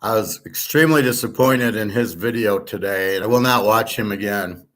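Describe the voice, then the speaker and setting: A man's voice: on the low side, moderate pace, fairly bright tone. Angry, profane male host delivering a blunt rant to camera. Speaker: host of a sports betting and finance channel. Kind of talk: ranting monologue to camera.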